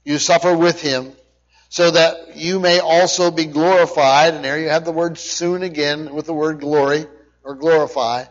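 Checking in with the congregation and hammering his points through emphatic repetition, a pastor delivers a sermon at normal speed. His voice is on the high side with fairly even intonation, heard through dull lo-fi audio.

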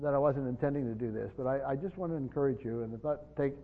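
A man's voice: medium pitch, fast talker. Man teaching scripture in an echoing hall. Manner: conversational, explanatory, often restarting phrases. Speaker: Bible teacher. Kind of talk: Bible study teaching. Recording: dull lo-fi recording in a reverberant hall.

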